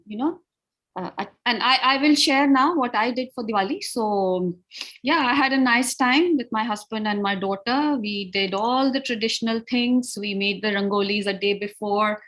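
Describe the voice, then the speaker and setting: A woman's voice: on the high side, a bit bright. A woman with an Indian accent teaches spoken English on a live video call. She is patient and encouraging, and moves freely between English and Hindi as she explains. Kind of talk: live online teaching session. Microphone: video call over Wi-Fi.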